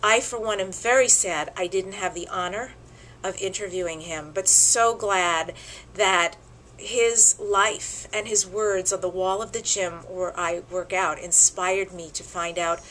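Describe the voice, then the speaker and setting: A middle-aged woman hosting a show, telling a heartfelt tribute story with expressive, emotional delivery. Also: medium pitch, measured pace, a little hiss or hum, low-quality recording. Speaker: host.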